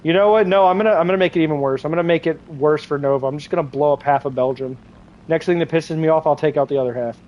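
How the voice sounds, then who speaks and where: A man's voice: fairly high pitch, fast talker, lo-fi sound. Crude, joking young male streamer. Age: 20s. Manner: crude joking, laughs often. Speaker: game streamer. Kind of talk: casual livestream chat with viewers.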